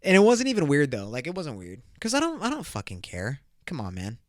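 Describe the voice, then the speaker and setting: A man's voice: fairly high pitch, wildly swooping pitch, fairly quick, no echo, clean studio sound. A man hosting a podcast, telling a story in loose, profane, casual talk and laughing often. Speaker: podcast host.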